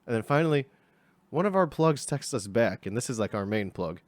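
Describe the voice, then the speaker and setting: A man's voice: medium pitch, expressive, brisk, no echo. A young man telling a casual story, rambling and slangy, acting out the people in it. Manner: rambling, slangy, acts out voices.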